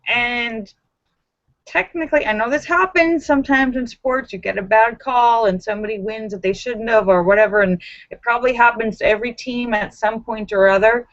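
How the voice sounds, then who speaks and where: A woman hosting a casual live-stream chat, talking in an animated, emphatic, sassy way. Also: a little high, normal speed, dull audio. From Los Angeles area. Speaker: livestream host.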